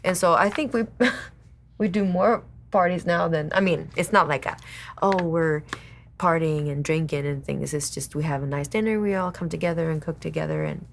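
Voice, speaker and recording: A woman co-hosting a casual faith chat, soft-spoken and given to dropping into a whisper. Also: on the low side, brisk, gravelly, a little hiss or hum. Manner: soft-spoken, swings between whisper and loud. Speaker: co-host.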